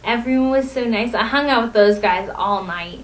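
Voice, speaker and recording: A woman's voice: on the high side, normal speed, rough recording. A woman vlogging a casual, rambling recap of a convention weekend from home, telling stories with giggles. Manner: rambling, excitable storytelling with giggles.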